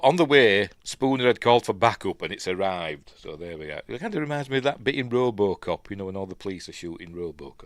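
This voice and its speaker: Deep-voiced Yorkshire man rambling through a film. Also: dry recording, studio quality. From Yorkshire, England. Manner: rambling and chatty, with frequent ums and asides. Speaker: film reviewer. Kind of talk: casual commentary talking over a film as it plays.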